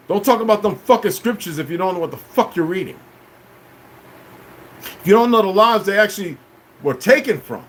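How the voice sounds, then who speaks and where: A man ranting on a livestream at his chat, confrontational and full of cursing, swinging between shouting and low muttering. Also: breathy edge. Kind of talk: profane livestream rant.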